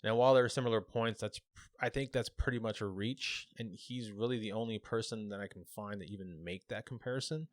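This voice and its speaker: A man co-hosting a podcast, casually telling a local legend with relaxed fillers and restarts. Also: on the low side, fairly quick, no echo, studio quality. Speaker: podcast co-host.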